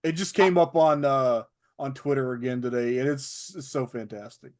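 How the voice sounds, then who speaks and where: A man's voice: mid-range voice, moderate pace, a little mellow. A man co-hosting a wrestling podcast in casual chat, wry and given to swearing. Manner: wry, profane. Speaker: podcast co-host.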